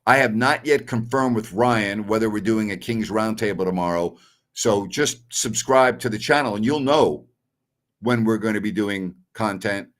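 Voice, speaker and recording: A middle-aged man with a lowish, slightly bright voice hosts a sports talk stream at a moderate pace. He answers viewer messages bluntly with strong opinions, scoffing at callers.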